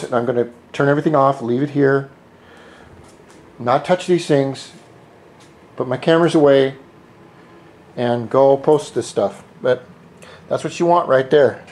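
A middle-aged American man, a scooter hobbyist vlogger, films a casual how-to video in his workshop while spray painting parts. His mid-range voice is a little mellow and unhurried, with long pauses, and he rambles, jokes and cusses freely.

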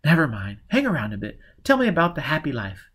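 A weary, tearful woman, ashamed and shaken, played by a man reading a novel. The voice sits far higher than his usual tone and stays soft and tired. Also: huge pitch swings, quick pace, husky, exaggerated voice.

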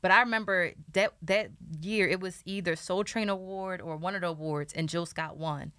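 A woman podcaster in casual chat, telling stories in an animated way with lots of "like". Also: fairly low pitch, moderate pace, clean tone, dry recording, clean studio sound.

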